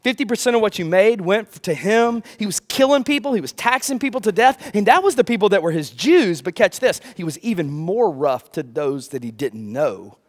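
Lively high-voiced male preacher. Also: normal speed, hardly any pauses. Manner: animated preaching with rhetorical questions and humor. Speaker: pastor. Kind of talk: sermon.

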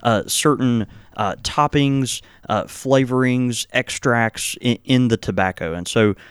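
Unhurried man explaining with many fillers. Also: mid-range voice, smooth, no echo, clean studio sound. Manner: halting, many fillers and restarts. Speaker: podcast host. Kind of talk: casual explanatory chat.

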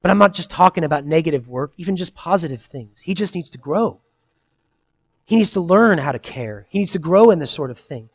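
A man in his thirties preaching a sermon, earnest and conversational, swinging between loud emphasis and soft, quiet asides. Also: a little high, animated, fairly quick, husky. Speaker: pastor.

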